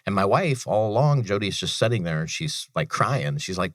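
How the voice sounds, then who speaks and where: A man's voice: on the low side, very animated, normal speed, a bit bright, no room sound, clean studio sound. A man in his thirties, a veteran and author, telling personal stories in an earnest, repetitive way as a radio interview guest. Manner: earnest, personal storytelling with repeated phrases. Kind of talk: interview talk on a business radio show.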